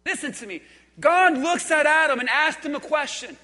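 Male preacher, high bright voice, deliberate pace, hall reverb. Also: lively intonation. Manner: emphatic, repetitive, drops to quiet intensity. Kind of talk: sermon. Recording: echoey hall.

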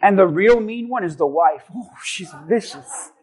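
A man, a pastor, preaching a sermon and telling a personal story with animated delivery that builds to forceful exhortation. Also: high voice, unhurried, slightly rough, rough recording.

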